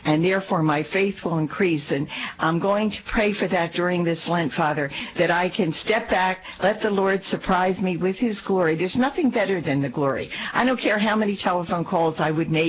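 A woman's voice: on the low side, normal speed, poor audio. A woman sharing an earnest faith reflection with a priest, often repeating and restarting her words. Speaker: lay speaker in talk with a priest.

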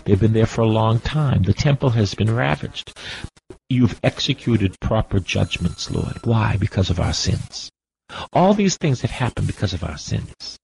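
A man's voice: fairly low pitch, big pitch swings, moderate pace, vocal fry, a little mellow, slight background noise, poor audio. A man preaching a sermon with an impassioned, repetitive cadence, drawing out his words.

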